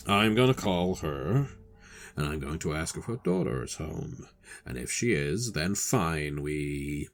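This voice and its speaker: A man's voice: low voice, fairly bright tone. A man playing an angry middle-aged suburban husband, scolding his wife over the phone and stumbling when he plans his next move. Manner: scolding, exasperated, hesitant when planning.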